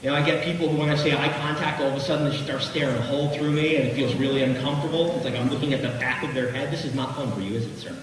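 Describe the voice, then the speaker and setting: A middle-aged man giving an animated, jokey keynote speech, talking straight to the crowd. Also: mid-range voice, very fast, few pauses. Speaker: keynote speaker. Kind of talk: motivational keynote speech to a live audience. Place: large hall. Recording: echoey hall from far off.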